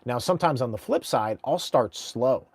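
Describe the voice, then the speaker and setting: A man, an auctioneer, teaching casually and breaking into quick rhythmic auction chant demos with an energetic, conversational delivery. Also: medium pitch, vocal fry, husky, no echo. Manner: energetic, conversational, frequent restarts. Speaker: auctioneer and instructor.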